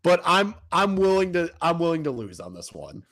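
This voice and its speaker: A man's voice: fairly high pitch, big pitch swings, a crowd in the background. A man co-hosting a sports betting podcast, talking in a casual, rambling way with frequent restarts. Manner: talks fast with frequent restarts and fillers.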